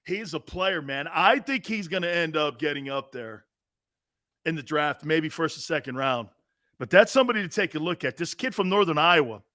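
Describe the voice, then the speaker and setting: A man's voice: on the high side, expressive, normal speed, bright, forceful tone, no echo, clean studio sound. Brash, profane male sports host. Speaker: sports talk show host. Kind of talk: sports talk rant.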